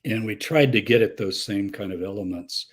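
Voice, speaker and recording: The speaker is an older man, a guest scholar taking audience questions in a conversational live Q&A. At normal speed and in a fairly low, slightly rough voice, he spins animated stories, imitates quoted voices, and laughs frequently.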